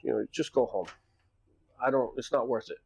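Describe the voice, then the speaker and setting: A man's voice: medium pitch, normal speed, vocal fry, a little mellow, slightly rough. A man who runs a club, telling a story casually in a loose, rambling monologue full of restarts and quoted dialogue. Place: Japan.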